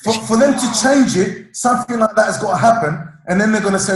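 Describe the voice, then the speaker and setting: A man's voice: high voice, fast, few pauses, breathy edge. A young man on a football fan panel who insists on his point in a heated debate. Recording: roomy studio echo.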